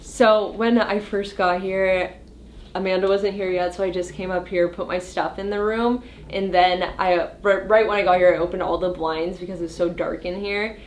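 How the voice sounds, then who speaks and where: A young woman quickly and animatedly recounting a strange experience in a hotel room. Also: fairly low pitch, steady tone. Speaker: guest investigator. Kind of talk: casual storytelling. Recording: echoey room with faint noise.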